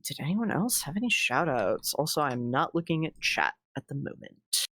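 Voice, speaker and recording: A woman's voice: low-pitched, very animated, moderate pace, a bit bright, no echo. A woman player in a tabletop game, chatting casually and enthusiastically. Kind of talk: casual chat.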